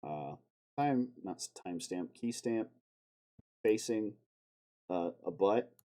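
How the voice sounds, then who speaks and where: A man's voice: on the low side, expressive, slow, dark tone. A man streaming live, talking to himself as he edits a video, swearing often and breaking into sudden outbursts. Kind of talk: casual self-talk while video editing on stream.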